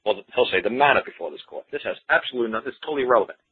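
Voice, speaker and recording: A man telling a story on a radio call-in show, acting out his exchanges with a judge in quick back-and-forth and restarting his sentences often. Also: mid-range voice, breathy edge. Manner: quotes courtroom exchanges in animated back-and-forth; repeats himself with frequent restarts. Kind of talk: storytelling monologue. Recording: tinny phone-line radio recording.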